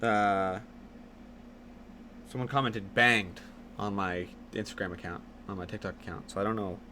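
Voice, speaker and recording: A young man streaming live late at night, teasing his chat and jumping from low mumbles to sudden yells. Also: normal speed, a little hiss or hum. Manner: excitable, teasing, jumps from mumbling to yelling.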